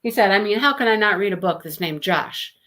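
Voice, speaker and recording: A woman with a mid-range voice hosts a live book discussion, and she sounds animated, brisk, pushed and bright. She chats casually on the livestream, tells stories and laughs often while reading out viewer comments.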